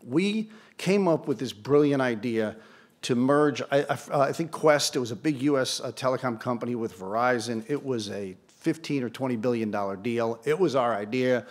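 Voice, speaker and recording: Older man telling a lively story. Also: mid-range voice, moderate pace. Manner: animated storyteller with dry self-deprecating asides. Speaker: award ceremony speaker. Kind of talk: anecdotal speech to an audience. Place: event hall before an audience.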